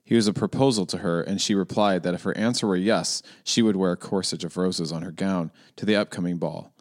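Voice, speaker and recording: A man doing a deadpan podcast reader with a low voice and flat, monotone delivery. It is a plain, mild take rather than a heavy character voice. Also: close to an everyday voice. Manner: flat, deliberately monotone reading.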